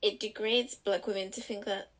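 A woman's voice: medium pitch, fairly even intonation, moderate pace, low-quality recording. Young Southern African woman chatting. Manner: searching for words, restarts mid-phrase. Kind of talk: casual chat.

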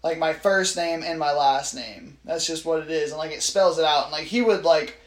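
A man with a noticeably high voice, chatting loosely on a podcast, laughing a lot and swearing freely. His voice sounds roomy and echoey. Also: normal speed, fairly bright tone. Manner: laughs often, swears casually. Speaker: podcast co-host. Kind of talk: casual chat.

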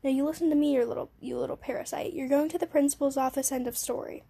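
A woman's voice: high-pitched, fairly even intonation, quick pace, creaky, mellow. A woman voicing a stern, scheming female kindergarten teacher in a haughty, scolding manner while playing a game. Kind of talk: let's play character reading.

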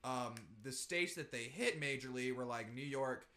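A man co-hosting a casual podcast, telling an animated story with swearing and mocking quotes. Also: medium pitch, normal speed. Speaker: podcast co-host.

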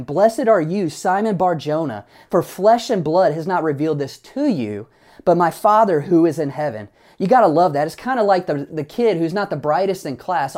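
A man's voice: a little high, darkish tone. A male pastor preaching a sermon in a conversational, emphatic way, with casual asides.

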